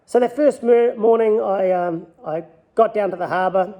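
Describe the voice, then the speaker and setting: High-voiced New Zealand man telling stories. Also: normal speed, narrow, tinny audio. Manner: easygoing, rambling anecdotal telling. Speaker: lure maker. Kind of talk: personal storytelling interview.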